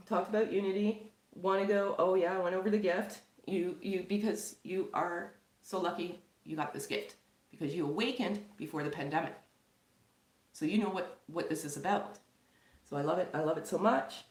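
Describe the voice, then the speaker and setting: A middle-aged woman from Canada, a tarot reader chatting casually and loosely to her viewers, with many fillers and frequent laughs. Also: on the low side. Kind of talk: casual spiritual chat to viewers. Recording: echoey room.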